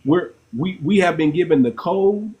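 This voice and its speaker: Insistent preachy man, slightly high voice. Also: animated, normal speed, a little mellow, muffled recording. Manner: preachy, insistent, repeats phrases. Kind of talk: casual discussion.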